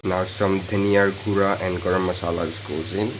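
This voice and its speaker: A man's voice: deep voice, little pitch movement, normal speed, background noise. A young man, a Bengali speaker, chatting playfully while he cooks, joking with himself between steps. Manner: playful and self-amused, joking asides. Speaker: home cook vlogger. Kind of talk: casual cooking narration.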